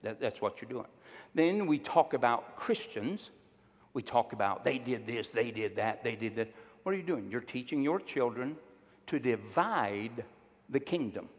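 Lively preaching man in a reverberant hall. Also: medium pitch, measured pace. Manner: emphatic preaching with call-and-response. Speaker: pastor. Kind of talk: sermon.

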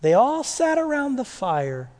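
A male preacher with a high, very lively voice that swoops up and down as he reads scripture and questions his listeners. His words ring out with a long echo, as in a large hall. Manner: animated, rhetorical questions, dramatic slow readings. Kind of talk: sermon reading and explaining scripture.

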